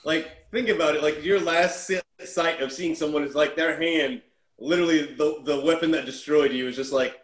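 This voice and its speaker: A man's voice: on the high side, steady tone, moderate pace. Laid-back man in an echoey room. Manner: laid-back, laughs often. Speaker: podcast co-host. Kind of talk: casual chat.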